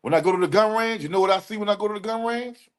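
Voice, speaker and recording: A man co-hosting a casual livestream podcast, talking in loose street slang with drawn-out emphatic asides. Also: high voice. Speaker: podcast co-host.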